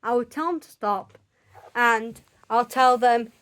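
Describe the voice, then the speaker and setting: A woman's voice: on the high side, slow pace. A woman speaks her opinion straight to camera, emphatic and insistent and often restarting her sentences. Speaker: vlogger. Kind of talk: opinion monologue.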